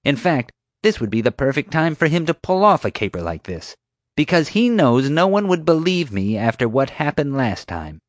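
A man's voice: fairly high pitch, sing-song, normal speed, no echo, studio quality, voice pushed up. A man putting on a sneering bossy security woman. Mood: scheming. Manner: snapping, accusing, sarcastic. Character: sneering bossy female park security officer.

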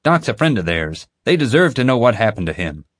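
A man voicing a calm, persuasive adult man in an audiobook. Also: medium pitch, brisk, dry recording, voice pushed up. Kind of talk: audiobook character voice.

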